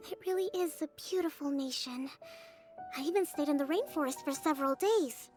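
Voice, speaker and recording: A woman voicing a calm young female priestess and strategist in a video game, speaking in a soft, measured, gentle way. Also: sits high, faint music behind, lightly acted.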